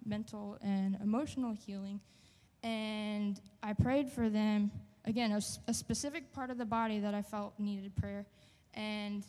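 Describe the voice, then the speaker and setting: A woman sharing a personal testimony in church, earnest and halting, with many fillers. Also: medium pitch, dark tone, big-room sound. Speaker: church member giving testimony.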